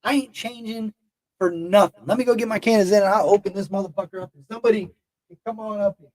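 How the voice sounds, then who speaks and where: A man's voice: sits high, steady tone, fast talker, darkish tone, dry recording. A man hosting a casual livestream to his chat, talking bluntly and heatedly with lots of swearing and rambling. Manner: emotional and heated. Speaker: YouTube livestream host.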